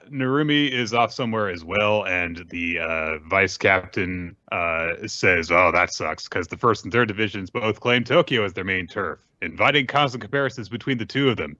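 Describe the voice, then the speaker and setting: Low-voiced man recapping manga casually. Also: bright, forceful tone, no echo, dull audio. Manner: rambling, swears, mimics characters in quick asides. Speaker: podcast host.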